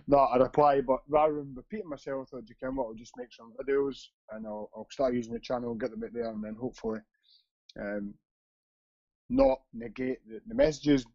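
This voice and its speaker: A man's voice: mid-range voice, moderate pace, darkish tone, dry recording. Sweary Scottish man, lo-fi podcast. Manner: sweary, blunt banter. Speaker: podcast co-host. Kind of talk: casual podcast chat. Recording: dull lo-fi sound.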